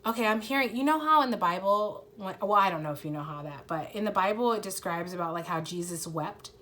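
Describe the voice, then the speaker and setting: A woman's voice: medium pitch, expressive, a little fast, a bit bright, slight background noise. A woman giving a casual, earnest tarot reading to her viewers. She swears freely, uses many fillers, and fights back tears. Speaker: tarot reader.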